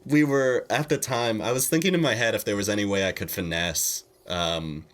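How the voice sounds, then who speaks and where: A young man co-hosting a podcast, telling a story in animated, hesitant casual chat with many fillers. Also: on the low side, moderate pace. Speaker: podcast co-host.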